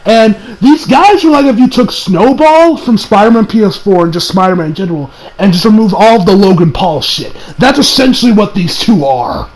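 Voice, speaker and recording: A young man giving a casual, animated episode review, slangy and quick to laugh. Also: high-pitched, rough recording. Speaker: anime reviewer.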